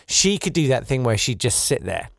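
A man hosting a comedy podcast, delivering a sardonic satirical monologue, swinging between loud bursts and quiet asides. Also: mid-range voice, very animated, moderate pace, creaky, no echo, clean studio sound.

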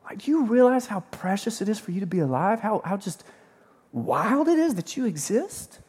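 A man preaching a sermon as pastor, joking and lively, swinging between loud and hushed delivery. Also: high-pitched, moderate pace, breathy edge. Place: large church hall. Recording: sermon in a reverberant church hall.

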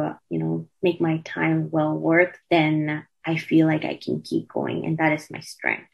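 A woman's voice: deep voice, vocal fry, low-quality recording. Earnest young woman from Myanmar. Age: young adult. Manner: earnest, heartfelt, frequent fillers. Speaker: guest, student activist. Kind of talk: emotional interview conversation.

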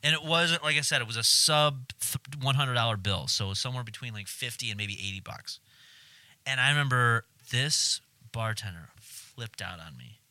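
Animated male co-host, bright voice, dry recording, loose profane chat. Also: medium pitch, normal speed, no room sound. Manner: animated storyteller, swears freely, acts out shouting. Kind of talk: casual chat.

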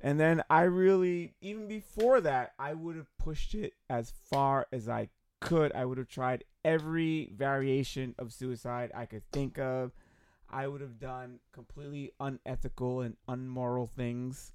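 A middle-aged man in casual conversation, lively and quick to laugh. His voice is close and dry, with no room sound. He curses freely as he gets worked up. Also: medium pitch, clean tone, no room sound. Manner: animated, laughs often, swears casually. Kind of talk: casual chat.

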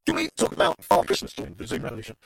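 Male host through broken auto-tune, squeaky, gravelly, wildly swooping. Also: huge pitch swings, very fast, a bit bright. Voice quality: squeaky, robotic. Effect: glitchy auto-tune robotic distortion. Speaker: podcast host. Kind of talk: casual comic chat.

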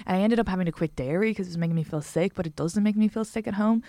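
A woman's voice: mid-range voice, very fast, dry recording. An Irish woman, a comedian, chatting casually as a podcast guest and acting out other people's lines as she tells stories. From Ireland. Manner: animated storyteller who acts out other people's lines. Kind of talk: casual chat.

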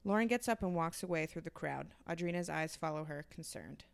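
Woman, gravelly low voice, reading stage directions, flat narration, dry sound. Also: brisk, no room sound.

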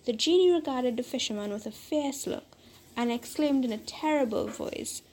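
Woman reading a fairytale, slow and measured, highish voice, a bit of faint hiss. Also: darkish tone, poor audio. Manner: measured, unhurried storybook narration. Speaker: podcast host and storyteller.

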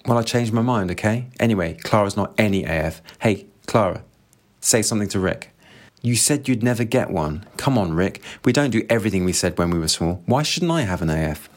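A man's voice: fairly low pitch, animated, fairly quick, natural voice. A man reading a defensive teenage girl. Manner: insistent, defensive.

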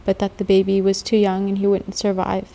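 A woman in her thirties, an interviewee telling her own story in slow, halting testimony with long pauses. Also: medium pitch, completely flat delivery, gravelly, warm tone. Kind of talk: personal testimony. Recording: faint music beneath.

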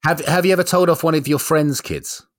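A woman co-hosting a podcast with frank, sweary, quick reactions. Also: low-pitched, fairly even intonation. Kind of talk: casual chat.

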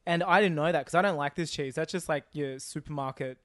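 Male co-host, slightly high voice, rambling and loose, close dry mic. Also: a little fast, fairly bright tone, no echo. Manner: loose, rambling, swears casually. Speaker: podcast co-host. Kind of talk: casual chat.

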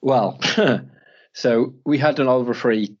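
Husky-voiced podcast co-host. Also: male voice, mid-range voice, takes it slowly. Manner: relaxed, short replies. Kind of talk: casual chat. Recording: dull lo-fi, faint music.

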